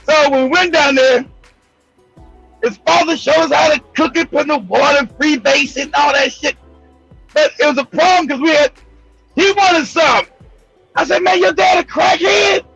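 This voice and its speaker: Brash LA man hosting, gravelly, loud, swearing, laughing through his stories. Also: extremely high pitch, moderate pace, pauses often, muffled recording, faint music behind. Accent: Los Angeles. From Los Angeles. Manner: profane, animated, laughs often, loud outbursts. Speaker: show host. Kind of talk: storytelling monologue.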